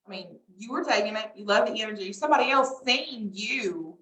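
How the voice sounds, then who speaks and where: A woman's voice: a little high, animated, brisk, fairly bright tone. A woman hosting a casual interview, summing up and rephrasing her guest's story. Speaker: host. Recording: roomy echo.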